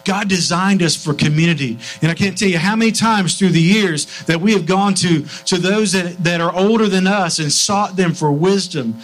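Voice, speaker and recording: A man's voice: sits high, normal speed, few pauses, faint music behind, poor audio. A middle-aged man preaching a sermon in a church, telling family stories earnestly and often restarting his sentences. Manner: earnest storytelling, frequent restarts.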